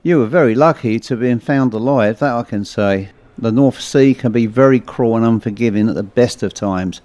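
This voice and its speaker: A man's voice: medium pitch, normal speed, darkish tone, lo-fi sound, lightly acted. A man voicing a proud, rotund police constable with a provincial English accent. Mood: official.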